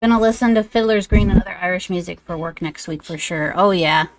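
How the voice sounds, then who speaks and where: A woman's voice: fairly low pitch, brisk, no room sound. A woman streamer chatting casually and rambling, with many fillers, while she draws live. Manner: sing-song baby talk to a pet.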